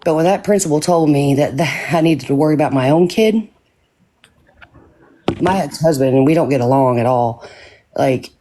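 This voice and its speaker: A woman's voice: low voice, normal speed, pauses often, dark tone. A middle-aged woman and mother chatting casually, blunt and swearing freely. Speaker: mother in a group chat. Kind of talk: casual chat.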